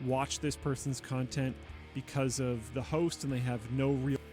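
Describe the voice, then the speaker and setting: A man's voice: medium pitch, flat delivery, normal speed, mellow, soft background music. A man co-hosting a tech talk show, speaking hesitantly with many restarts. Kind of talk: casual podcast discussion.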